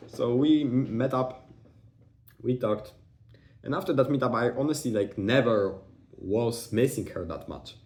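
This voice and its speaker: Low-voiced young man in a roomy echo. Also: a little mellow. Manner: rambling, profane, with many fillers and restarts. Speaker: vlogger. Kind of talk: casual storytelling monologue.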